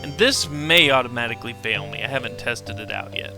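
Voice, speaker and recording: A man talks casually over gameplay, walking through a puzzle step by step in a relaxed tone. His pitch sits in an ordinary middle range, with game music clearly audible behind him. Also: fairly quick. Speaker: let's play host.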